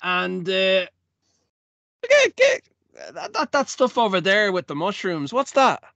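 A man's voice: high-pitched, big pitch swings, takes it slowly, vocal fry, a bit bright, no echo, full character voice. A man voicing a sociable, secretive male dwarf traveller who talks hesitantly and stumbles over his words. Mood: chatty.

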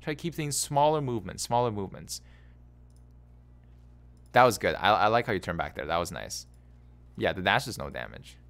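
A man casually coaching a player through a gameplay review, animated and exasperated, repeating himself and laughing in disbelief. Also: on the low side, moderate pace, gravelly, long pauses.

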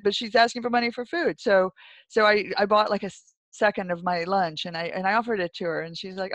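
A speaker in a casual church discussion, earnest and halting, often restarting sentences, heard over a video call. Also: medium pitch, a bit bright, no echo.

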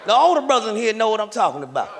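A man from Kansas City performing a profane stand-up comedy set, telling stories loudly and acting out the other people in them. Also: high voice, big pitch swings, rapid-fire, vocal fry. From Kansas City, Missouri. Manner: profane, loud storytelling with acted-out voices. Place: comedy stage before a large audience. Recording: live stage mic with a laughing crowd.

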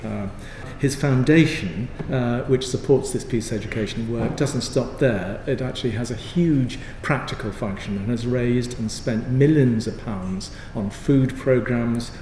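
A man giving a formal introduction as master of ceremonies, halting and self-deprecating. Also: fairly low pitch. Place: large formal room. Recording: echoey hall with background noise.

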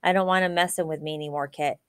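A woman's voice: deep voice, fairly even intonation, quick pace, a bit bright, no room sound, clean studio sound. A woman voicing a determined young boy raised in the woods, blunt and matter-of-fact.

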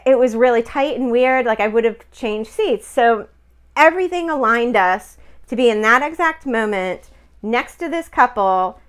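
A middle-aged woman talking casually about something personal, her voice smooth and clear. She rambles a little, with fillers and acted-out bits of dialogue, and sounds close to tears at times. Recorded at home. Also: on the high side, lively intonation, normal speed, fairly bright tone. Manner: emotional, chatty, many fillers and quoted dialogue. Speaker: spiritual healer telling a personal story.

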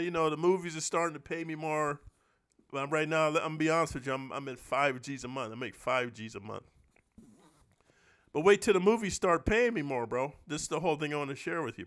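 A man's voice: fairly high pitch, a bit bright. A man talking straight to his viewers in a loose, profane vlog rant, swearing constantly and tagging lines with "bro" and "man.". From United States. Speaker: stunt performer and vlogger. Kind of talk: casual profane monologue to camera.

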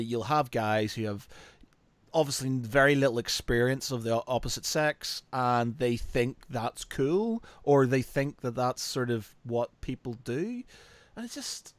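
A man in a casual podcast chat, easygoing and laughing a lot. His pitch is middling for a man. He is recorded close and dry, with no room around him. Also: expressive, unhurried, dry recording. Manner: laid-back, laughing, says "mate". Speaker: podcast co-host.

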